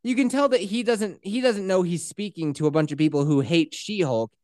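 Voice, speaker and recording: A podcast co-host in a casual recap chat, retelling scenes in a profane, animated way and slipping into quoted voices. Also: mid-range voice, fairly quick, no echo, studio quality.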